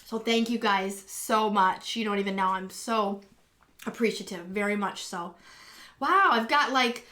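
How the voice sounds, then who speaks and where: A woman's voice: medium pitch, a little slow, bright, forceful tone. A woman hosting a casual live stream, chatty and rambling with lots of ums and restarts, gushing when she greets viewers, talking from home. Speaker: live stream host and acrylic pour artist. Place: home, indoors.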